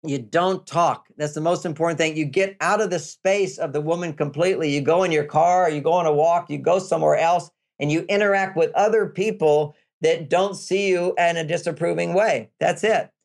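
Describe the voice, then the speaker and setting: An older man speaks as an interview guest, laying out advice step by step and repeating his key points for emphasis. His voice sits a little high and carries a gravelly edge. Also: normal speed, hardly any pauses. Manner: explanatory, repetitive, emphatic. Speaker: relationship author, guest.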